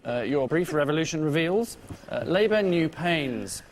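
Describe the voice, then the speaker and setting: A man hosting a TV panel show, reading scripted jokes with dry deadpan timing. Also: on the high side, a little slow. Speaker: guest host. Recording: TV studio with audience laughter and noise.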